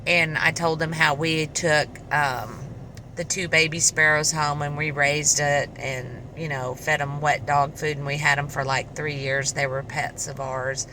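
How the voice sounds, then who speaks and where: A middle-aged woman casually telling a personal story to camera, chatty and animated, acting out the dialogue. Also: sits low, a little slow, a little hiss or hum, rough recording. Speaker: vlogger.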